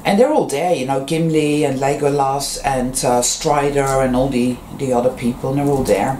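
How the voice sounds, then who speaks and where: A vlogger delivers a casual spiritual monologue that rambles and meanders, full of fillers and restarted thoughts, with pitch jumping whenever a story takes off. The voice sits at an ordinary middle pitch with a darkish tone, fairly even intonation, and a moderate pace. The room is echoey, with faint ambient noise beneath.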